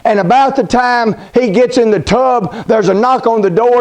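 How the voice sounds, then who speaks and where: A man's voice: very high voice, measured pace, hardly any pauses, darkish tone. A man preaching a sermon, retelling a scripture story in a folksy, dramatic way and calling his listeners buddy.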